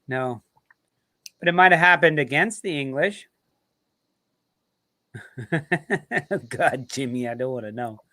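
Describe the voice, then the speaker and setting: American male host, slow easygoing delivery, bright tone, laughs and swears through trivia. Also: mid-range voice. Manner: laughing, swearing, jokey asides. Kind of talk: casual trivia banter.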